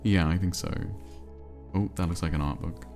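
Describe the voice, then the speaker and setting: A man streaming a cozy game, chatting in a relaxed, rambling way and answering his chat. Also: low-pitched, normal speed, faint music behind. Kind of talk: casual chat while playing a cozy game.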